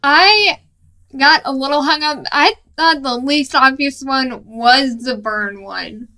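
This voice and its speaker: Woman on a podcast going on about a movie she loved, bright crisp voice, talks slow with lots of uhs. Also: high voice. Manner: enthusiastic, unhurried, many fillers. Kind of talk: casual film discussion.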